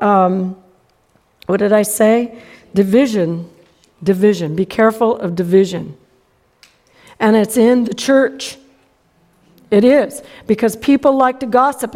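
A woman's voice: a little high, darkish tone. A middle-aged woman preaching a sermon, telling a personal story in a folksy way and acting out the other people's lines. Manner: folksy storytelling, acts out quotes.

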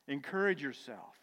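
A man preaching a sermon with emphatic, building declarations and quieter asides, calling listeners brother and sister. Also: on the high side. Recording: long reverb of a large hall.

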